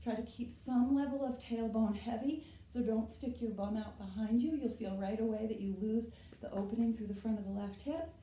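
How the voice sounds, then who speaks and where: A woman's voice: on the high side, normal speed, hardly any pauses, mellow, echoey room, poor audio. A woman leading a yoga class, talking while she demonstrates the poses and often checking in with "right?". She sounds slightly out of breath from moving. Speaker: yoga instructor. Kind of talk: guided yoga class instruction.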